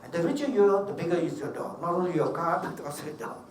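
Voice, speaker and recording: A man's voice: fairly high pitch, animated, fast, crowd noise. A man giving a seminar talk, telling humorous stories with emphatic delivery. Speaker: seminar speaker. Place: hotel seminar hall. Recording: echoey hall, mic at a distance.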